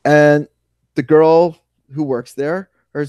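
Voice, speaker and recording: A man with a New York accent co-hosting a podcast, telling animated stories with some swearing. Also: fairly high pitch, slow pace, clear, resonant tone, dry recording. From New York suburbs. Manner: animated storyteller, ranting and swearing. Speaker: podcast co-host. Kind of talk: casual chat.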